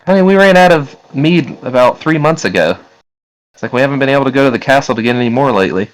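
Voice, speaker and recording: A man putting on a doting, high-pitched cabin mother. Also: lively intonation, fast, lightly acted, rough recording. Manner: sweet, doting, calls him honey. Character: cheerful motherly woman in a cabin.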